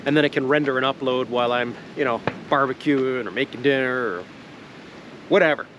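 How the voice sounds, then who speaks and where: A Canadian man talks through his day outdoors in a loose, rambling way. He jokes, laughs easily and drops the odd swear word, with his voice at a middling pitch. Faint outdoor sounds sit behind him, with a vehicle passing now and then. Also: a little fast, noisy background. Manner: rambling, jokey, laughs often, swears casually. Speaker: vlogger. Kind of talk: casual outdoor vlog chat. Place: outdoors in the woods at a sap boil.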